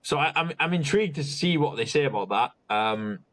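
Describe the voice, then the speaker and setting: A man, a podcast guest talking casually and haltingly about his bodybuilding result, with many restarts. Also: fairly high pitch, expressive, a bit bright.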